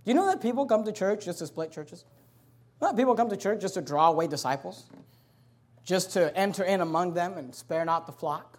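High-voiced man preaching a fiery sermon. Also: lively intonation. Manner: forceful preaching, loud scripture readings, quick asides. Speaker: pastor.

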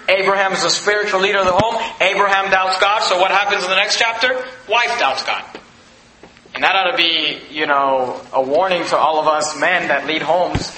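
A man preaching a sermon in a very high, piercingly bright voice. He reads scripture and presses each point with rising emphasis. The recording rings with a roomy echo. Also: slight background noise. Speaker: pastor. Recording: echoey hall.

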